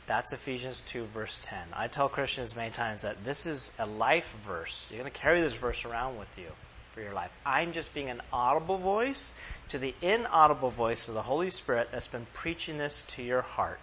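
Bright-voiced man preaching a sermon. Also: medium pitch, expressive, a little hiss or hum. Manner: emphatic, slows down to read verses aloud; addresses the congregation directly with questions. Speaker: pastor. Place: church room with a congregation.

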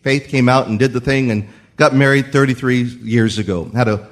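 An older man preaching a sermon in church, telling his own story in an animated way and acting out voices in the quotes. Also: mid-range voice, moderate pace. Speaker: pastor. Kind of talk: sermon with personal testimony.

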